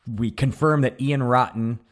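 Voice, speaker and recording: A man's voice: medium pitch, fairly even intonation, a little slow. A man co-hosting a podcast, chatting casually with dry, wry jokes. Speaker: podcast co-host. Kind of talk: casual chat.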